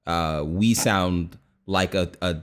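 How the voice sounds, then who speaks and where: An American man with a very low voice, co-hosting a comedy podcast. He rambles through loose theories, restarting his sentences. His talk stays casual and easygoing. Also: slow pace, smooth. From United States. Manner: rambling, theorizing, laughs often. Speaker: podcast co-host.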